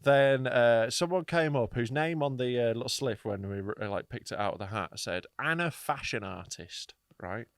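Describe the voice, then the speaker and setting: A man's voice: mid-range voice, moderate pace, hardly any pauses, no room sound, studio quality. A man co-hosting a comedy podcast, telling a story in a sweary, playful way and acting out quotes. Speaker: podcast co-host. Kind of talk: casual comedy podcast chat.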